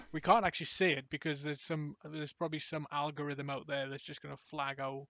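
A man's voice: a little high, animated, moderate pace, fairly bright tone, dry recording. A man hosting a podcast in casual chat, rambling and giggling as he trails off and restarts his thoughts. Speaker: podcast host.

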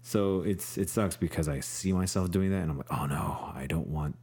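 Man, very low voice, laid-back rambling chat, lots of fillers, podcast co-host. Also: moderate pace, a little mellow, husky. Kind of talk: casual chat.

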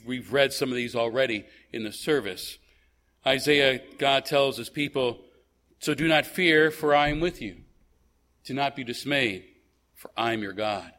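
A man with a mid-range, slightly bright voice preaches as a pastor. He talks in a conversational way, hesitating and restarting often and asking rhetorical questions.

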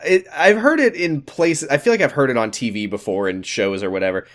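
A man co-hosting a casual podcast, recapping a TV episode in a halting, wry way and acting out the characters' lines. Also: medium pitch, a bit bright. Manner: hesitant, restarts, acts out characters' lines. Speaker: podcast co-host.

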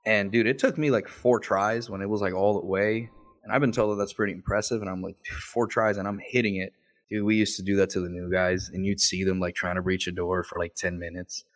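A man's voice: sits low, fairly even intonation, fast. A man in his thirties on a video call, telling stories in a casual, profane way and often breaking into laughter. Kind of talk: casual chat.

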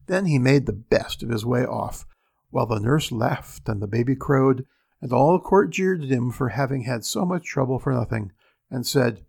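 A man reading classic fairy tales aloud in a steady, unhurried storybook narration. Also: medium pitch, gravelly, breathy edge.

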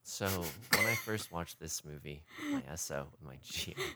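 Rambling woman, lively pitch. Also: unhurried. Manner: rambling, many fillers and restarts. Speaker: podcast co-host. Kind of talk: casual movie chat.

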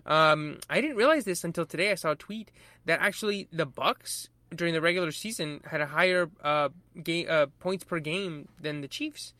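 A man's voice: fairly high pitch, moderate pace, pushed and bright. A man co-hosting a casual podcast chat, easygoing, with frequent fillers and restarts and casual swearing.

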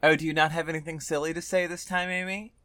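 Bright-voiced co-host, playful mock outrage, teasing podcast banter. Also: medium pitch, level tone, fast talker, dry recording, studio quality.

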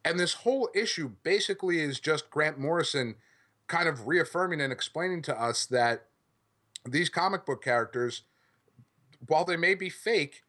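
A man's voice: on the high side, fairly bright tone. A male podcast host in casual chat, rambling enthusiastically and swearing freely. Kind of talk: casual chat about comics.

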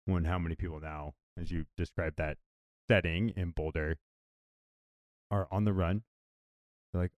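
A man co-hosting a podcast, chatting casually and telling stories in an animated way. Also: low voice, normal speed, long pauses, no room sound, highs cut off. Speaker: podcast co-host.

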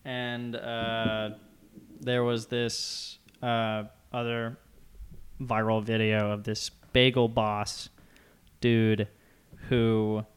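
A young man chatting casually, retelling a story with animated, loud acted-out quotes. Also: mid-range voice, drawn-out words, clear, resonant tone. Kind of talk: casual chat.

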